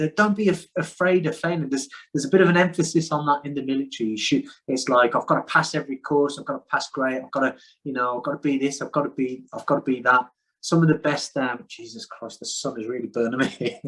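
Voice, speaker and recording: A man's voice: medium pitch, fairly even intonation, fast talker, fairly bright tone, breathy edge, rough recording. A middle-aged man in casual conversation as a podcast guest, talking candidly with frequent restarts, speaking outdoors. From United Kingdom. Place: outdoors in the sun.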